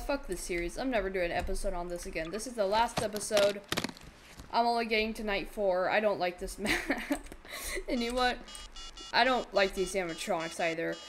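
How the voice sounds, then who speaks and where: A woman giving casual gameplay commentary, jumpy and rambling, joking and swearing as she plays. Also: medium pitch. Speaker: gameplay video creator. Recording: game music playing behind. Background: clear game music.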